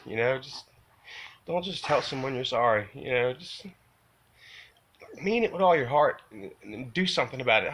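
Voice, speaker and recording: A man with a bright, forward voice recounts something he regrets, rambling and circling back on himself. He fills every pause with "you know" and "man". When the remorse surfaces, his pitch climbs and his voice strains. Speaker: vlogger telling a personal story. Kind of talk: confessional storytelling to camera.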